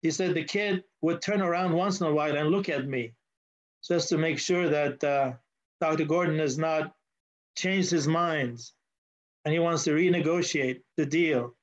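A man's voice: fairly high pitch, normal speed. A male pastor preaching a sermon in church, telling a story and asking the congregation questions. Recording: dull lo-fi sound.

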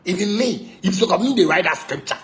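A Ghanaian musician with a Ghanaian Pidgin English accent launches into a boastful, taunting, profane rant, insistently repeating his points. His high-pitched voice is brisk, a bit bright, and full of lively intonation.

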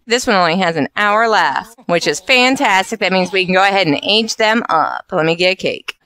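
A woman's voice: mid-range voice, expressive, moderate pace, hardly any pauses, sharp tone. A woman hosting gameplay commentary, bossing and scolding the characters in her game. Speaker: let's play host.

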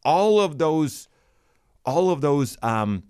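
A man hosting a radio finance show from a studio, talking fast and energetically. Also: a little high, sing-song, a little mellow, clear, resonant tone, dry recording.

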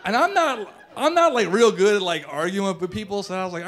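A man performing a personal story on stage, conversational and animated, acting out the dialogue. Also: sits high, brisk. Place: dance studio performance venue.

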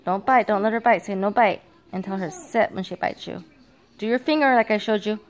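Older grandma with a gravelly voice. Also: female voice, mid-range voice, lively intonation, a little fast. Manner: gives firm, fond commands to dogs and children. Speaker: grandmother filming her granddaughters. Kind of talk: casual home video chat. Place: home, indoors. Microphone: handheld phone camera.

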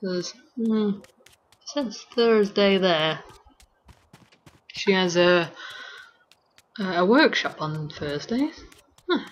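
A young woman giving casual gameplay commentary, rambling and giggly as she thinks aloud with many pauses. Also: medium pitch, animated, dull audio. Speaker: let's play host.

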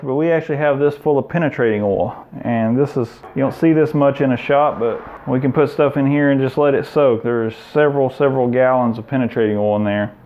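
A man giving a relaxed, plain-spoken tour of his indoor workshop, pointing out machines and tools. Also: medium pitch, muffled recording, slight background noise. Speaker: shop owner giving a tour. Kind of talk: casual walkthrough tour.

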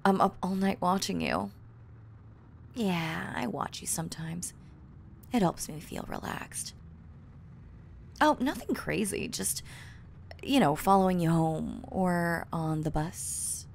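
Woman voicing a yandere kidnapper girl, audio role-play, gravelly low voice, slow and giggly, teasing whispers. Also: heavily acted. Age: young adult. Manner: breaks off to fix her own lines. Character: obsessive young woman who kidnapped her crush. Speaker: voice actress.

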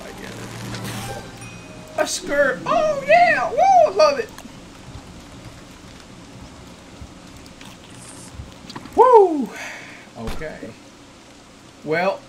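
A young man streaming a game, talking to himself in bursts that swing from loud yelps to low mutters. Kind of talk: gaming commentary. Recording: game music underneath. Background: game music.

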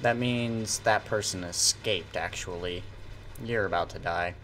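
A man's voice: low-pitched, unhurried, fairly bright tone, a little hiss or hum. A man hosting a gaming video, joking crudely and mocking other players while he plays. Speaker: gaming channel host. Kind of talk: casual gameplay chat.

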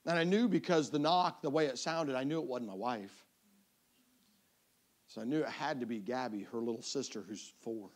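A man's voice: mid-range voice, moderate pace. A middle-aged man preaching as an evangelist, telling a family story with acted-out voices. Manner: animated, acts out voices with crying and shouting. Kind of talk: storytelling sermon.

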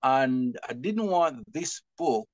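A middle-aged man, a publisher and bookseller, telling stories in an animated, expressive way during an interview and often laughing. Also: medium pitch, slow, no echo, highs cut off.

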